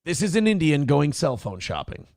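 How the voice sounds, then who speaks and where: Crude, gravelly-voiced male show host. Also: on the high side, big pitch swings, normal speed, darkish tone, no echo, studio quality. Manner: crude, profane, mocking. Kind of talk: casual opinionated chat.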